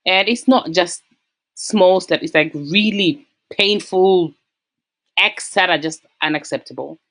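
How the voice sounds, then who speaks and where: A woman's voice: fairly low pitch, unhurried. A woman casually retelling a relationship story, acting out the quoted lines. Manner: acts out quoted voices with lively shifts.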